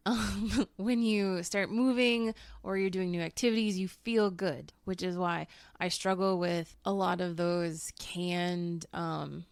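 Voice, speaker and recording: Chatty woman with a creaky voice. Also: lowish voice, fairly even intonation, slow pace, few pauses, no echo. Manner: chatty, laughs often, swears casually. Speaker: teacher and guest book reviewer. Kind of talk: casual book chat. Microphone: home microphone.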